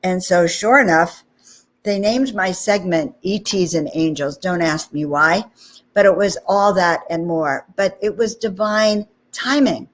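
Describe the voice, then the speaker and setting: Her voice is fairly low and a little slow as she hosts a spiritual talk channel. She tells a personal story in an animated, conversational way, frequently tossing in "okay?" and "you know."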